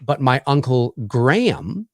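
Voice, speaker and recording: Hosting a relaxed podcast conversation, this Canadian man in his forties meanders through anecdotes, often restarting and saying "you know what I mean." He speaks slowly in a mid-range voice with big swings in pitch, recorded clean in the studio with no room sound.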